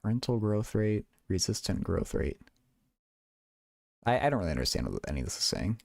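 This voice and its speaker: A man's voice: on the low side, sing-song, fairly quick, creaky, a little mellow, no echo, clean studio sound. A young man hosting a casual livestream, thinking aloud in a rambling way with many stammered restarts. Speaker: livestream host.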